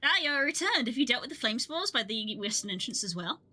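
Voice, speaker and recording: A woman's voice: on the high side, very animated, quick pace, pushed and bright, soft background music, heavily acted. A woman voicing a formal, courteous quest-giving game character, reading the dialogue aloud with polite, old-fashioned phrasing.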